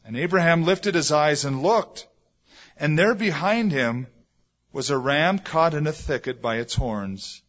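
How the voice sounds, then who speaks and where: A middle-aged man preaching a sermon, telling stories and swinging between loud stresses and hushed asides. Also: fairly high pitch, expressive, measured pace. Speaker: pastor. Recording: dull lo-fi sermon recording.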